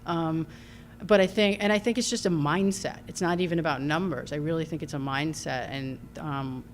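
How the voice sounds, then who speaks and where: A low-pitched woman with a Long Island accent talks as a guest in a casual interview. She thinks aloud, with frequent ums and restarts. A faint rumble runs beneath the recording. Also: fairly even intonation. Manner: thoughtful, halting with many ums and restarts. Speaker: filmmaker guest.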